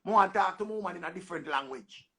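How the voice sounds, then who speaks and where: A young Jamaican man with a high, bright voice hosts a loose livestream chat. He talks in animated patois and repeats his words as he goes. His tone is lively and casual throughout. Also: fast, slightly rough. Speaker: livestream host.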